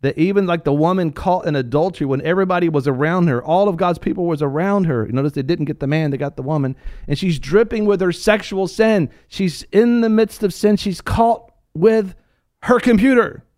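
A man preaching a sermon with passion, swinging between hushed lines and loud ones, addressing his listeners directly as sir and ma'am. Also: sits high, fairly quick, no echo, studio quality.

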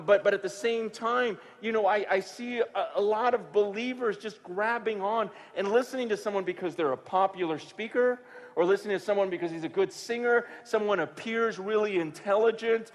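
A man preaching a sermon, telling a story in a conversational way that swings from hushed to sudden loud bursts. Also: high voice, in a large hall. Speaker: pastor.

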